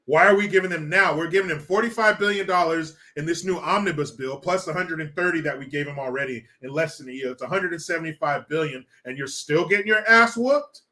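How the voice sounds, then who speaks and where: A man's voice: fairly high pitch, fairly quick, few pauses, pushed and bright. A man hosting a casual livestream, reading chat and ranting with lots of profanity and laughter. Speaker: live stream host.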